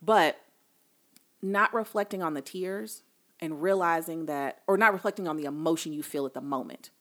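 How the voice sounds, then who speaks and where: A woman's voice: low voice, normal speed. A woman in casual conversation, telling stories in an earnest, emphatic way.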